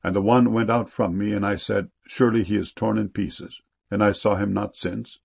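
Pleading elder brother read by a man, low husky voice, solemn scripture reading. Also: fairly even intonation, moderate pace, darkish tone, exaggerated voice. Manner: earnest, pleading. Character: pleading grown brother begging for mercy.

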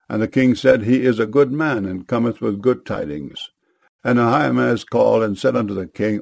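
A man reading scripture aloud in a steady, solemn manner. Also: medium pitch, normal speed, gravelly, no room sound, studio quality. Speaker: Bible reader.

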